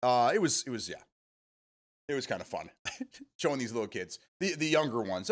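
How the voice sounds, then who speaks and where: A man's voice: mid-range voice, big pitch swings, normal speed. A middle-aged man, hosting a casual live stream, rambling and chatty with self-amused laughs. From Michigan, USA. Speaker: streamer host.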